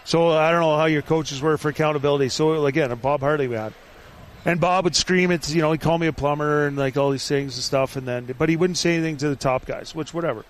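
A man's voice: fairly high pitch, steady tone, quick pace. A man hosting a casual chat, telling long rambling stories with constant filler words. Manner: rambling, heavy use of "like". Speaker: podcast host.

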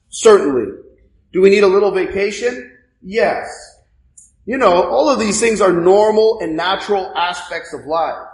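A man's voice: high voice, echoey room, low-quality recording. A male priest giving a sermon in a conversational way, asking rhetorical questions.

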